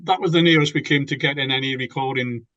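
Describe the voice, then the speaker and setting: A man's voice: mid-range voice, fairly even intonation, quick pace, bright, forceful tone. An older British man, a former band member, reminiscing in an interview and often restarting his sentences with repeated words. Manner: rambling, repeats words when starting sentences. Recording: muffled, lo-fi.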